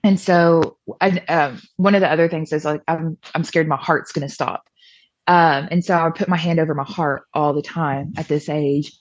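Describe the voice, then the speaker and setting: A woman's voice: deep voice, fairly even intonation, normal speed, muffled recording. A young woman guest telling her story in a casual, chatty way, full of fillers and quoted voices from her past. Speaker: podcast guest.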